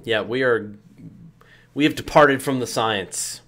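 A man's voice: mid-range voice, unhurried, fairly bright tone. A man hosting a casual movie-riffing chat, asking wry questions and laughing often. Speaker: host.

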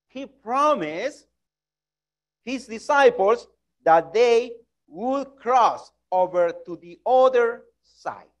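Slow earnest preacher with high voice. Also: male voice, lively intonation. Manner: earnest, self-correcting, non-native phrasing. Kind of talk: sermon.

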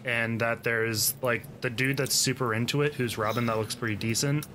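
A man's voice: medium pitch, fairly even intonation, moderate pace, background noise. A man co-hosting a podcast in casual chat, dry and teasing in his descriptions. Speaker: podcast co-host.

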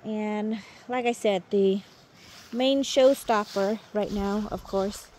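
A woman's voice: medium pitch, fairly even intonation, slow pace, slight background noise. A woman walking viewers through her home garden outdoors in a casual vlog, chatty and friendly, talking straight to the camera. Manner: chatty, warm toward viewers, coos baby talk at her dogs. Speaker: gardening vlogger.

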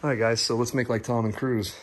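A man from the United States vlogging a casual walk-through of a big rental house, chatty and excitable, talking to viewers as guys and breathing a little heavily. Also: mid-range voice, quick pace. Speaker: vlogger giving a house tour. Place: large rental house indoors.

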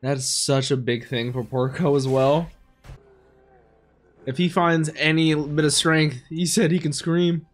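A man's voice: on the high side, unhurried, soft background music. Emotional man reacting to an anime episode. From United States. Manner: emotional, swings between hushed dismay and loud excited outbursts. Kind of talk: live reaction commentary.

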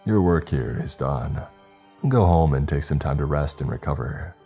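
A man's voice: extremely low pitch, moderate pace, breathy edge, soft background music, full character voice. A man voicing a smug, cold male doctor who runs a villainous plot. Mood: pleased. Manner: calm, approving.

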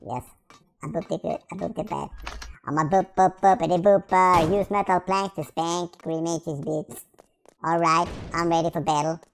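A woman's voice: fairly low pitch, fairly even intonation, normal speed, slight background noise, close to an everyday voice. A woman voicing a goofy, childish baby hedgehog while commenting on a game, full of silly rhymes, made-up sound effects and sudden yelps. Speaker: gameplay commentator in character.

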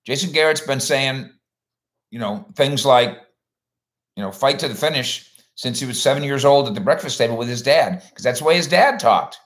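A man's voice: medium pitch, expressive, moderate pace, a bit bright. A man hosting a sports livestream in a rambling, folksy way, chatting casually and reading out viewer comments.

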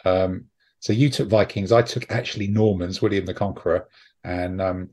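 This is a man with a low, husky voice hosting a relaxed podcast conversation. He rambles along with frequent ums and self-corrections, telling stories in an easygoing chatty way. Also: moderate pace. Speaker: podcast host. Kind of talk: casual chat.

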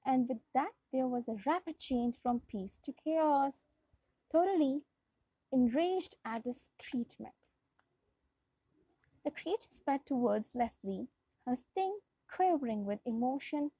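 A woman's voice: high-pitched, expressive, unhurried, mellow, slightly rough, no echo. A young woman with a Pakistani English accent, reading a storybook aloud to a class as their English teacher, often going back to restart a phrase. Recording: dull lo-fi dry recording.

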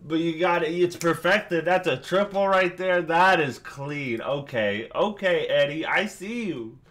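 A man hosting a reaction video, breaking down a rap battle in casual, excitable commentary with bursts of swearing. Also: fairly high pitch, measured pace. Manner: excitable, swearing, hyping up lines.

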